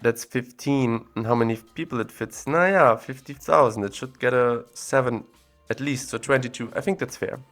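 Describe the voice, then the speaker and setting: A man with a medium-pitched voice talks at a normal speed with few pauses, chatting casually as he explores a map and voices his thoughts. There's soft music in the background, and the audio comes from a separate recorder.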